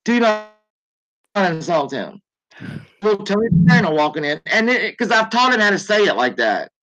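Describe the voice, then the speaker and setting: A woman's voice: medium pitch, big pitch swings, normal speed, a bit bright, low-quality recording. A woman in her forties hosting a livestream in casual chat, joking and swearing freely as she rambles. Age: 40s. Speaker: livestream host.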